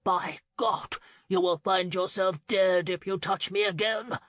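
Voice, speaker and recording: A man's voice: high-pitched, fairly even intonation, normal speed, no echo. A woman voicing a corpulent, greedy uncle who bellows and blusters in an audiobook scene. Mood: blustering. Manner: loud, bellowing and defensive. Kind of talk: audiobook character reading.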